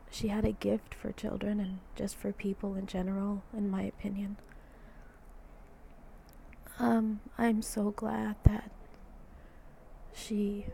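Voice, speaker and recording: A hoarse woman with a cold, talking as a concerned mother in a personal video message, hesitant and halting with soft, half-whispered words. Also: medium pitch, slight background noise.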